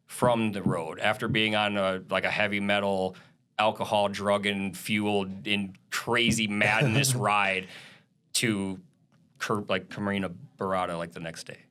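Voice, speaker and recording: A man in his thirties, a live sound engineer, telling stories in a casual podcast interview, animated and swearing freely. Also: on the low side. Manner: animated storytelling with frequent swearing and laughs. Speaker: live audio engineer and drummer.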